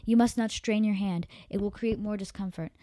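A woman voicing a fierce female desert tribe soldier who speaks slowly and formally. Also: medium pitch, steady tone, warm tone, no room sound, close to an everyday voice. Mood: caring. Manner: slow, solemn, formal speech.

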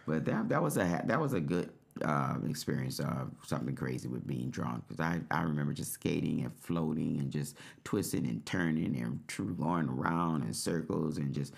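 A man's voice: a bass voice, animated, moderate pace, vocal fry, few pauses, husky. A man co-hosting a podcast in casual chat, talking hesitantly with many restarts. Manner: hesitant, many fillers and restarts, gives frequent backchannel replies. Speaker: podcast co-host.

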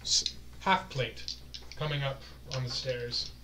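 A man's voice: medium pitch, steady tone, takes it slowly, very noisy. A man running a tabletop role-playing game, describing the action step by step as game master. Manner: vivid, step-by-step scene narration. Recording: music playing under the voice. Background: background music.

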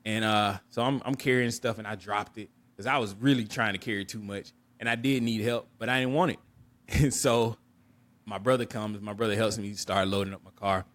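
A man with a fairly low voice tells a personal story on a podcast. He talks candidly and reflectively, often restarting and repeating words as he works through his thoughts. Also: fairly even intonation, fairly quick, fairly bright tone. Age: adult. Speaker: podcast co-host.

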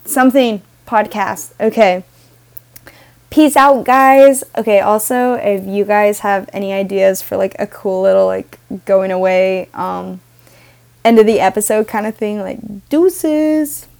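A woman's voice: mid-range voice, fairly even intonation, unhurried, creaky, darkish tone. A young woman hosting her own podcast, talking casually in a rambling, self-interrupting way with frequent giggles. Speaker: podcast host.

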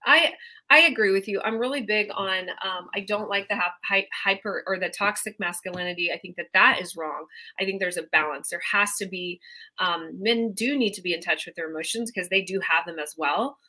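A woman's voice: mid-range voice, fairly quick, pushed and bright. A woman co-hosting a podcast, giving frank, opinionated takes in casual talk with some swearing. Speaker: podcast co-host.

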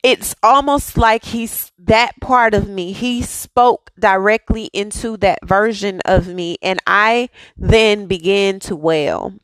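A woman's voice: medium pitch, slow pace, hardly any pauses, dry recording, rough recording. A woman in her thirties hosting a devotional podcast, telling a personal testimony in a conversational way and often checking in with "okay?". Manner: storytelling, conversational, emphatic "okay?" asides.

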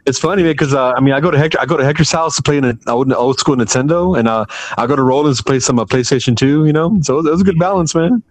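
A man's voice: medium pitch, racing, few pauses. A man co-hosting a podcast, teasing his friend with profane, insistent banter. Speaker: podcast co-host. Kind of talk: casual banter.

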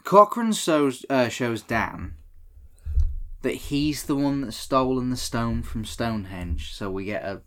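A man's voice: medium pitch, animated, takes it slowly. A man, casually recapping a horror film with a co-host, laughing often and swearing. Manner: laughs often, swears, acts out quoted lines. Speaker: podcast co-host.

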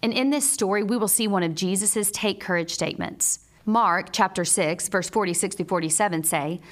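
An earnest woman delivers a scripted devotional lesson, steady and measured. Her voice sits at an ordinary middle pitch, and she weaves personal stories in with scripture. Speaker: Bible teacher; mother.

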